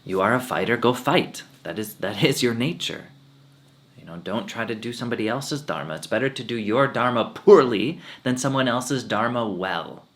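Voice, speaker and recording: A man giving a spiritual talk as a swami, telling personal stories in a relaxed way with frequent laughter. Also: medium pitch, normal speed.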